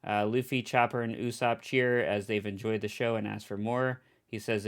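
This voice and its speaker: Smooth-voiced man narrating a recap. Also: fairly low pitch, fairly quick, hardly any pauses. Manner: steady, orderly narration of the plot. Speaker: podcast co-host. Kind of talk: casual episode recap.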